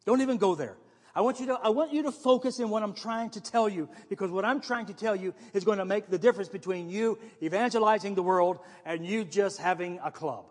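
A man with a notably high voice preaches to his congregation, talking in a loose, conversational way with frequent repetitions and restarts. His voice rings out with a long reverb, as in a church sanctuary. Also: fairly quick, hardly any pauses. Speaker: pastor. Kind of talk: sermon.

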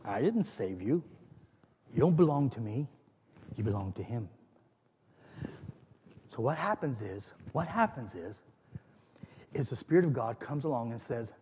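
A man preaching a sermon as pastor, with animated storytelling that acts out scenes. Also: medium pitch, a little hiss or hum. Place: church. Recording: long reverb of a church hall.

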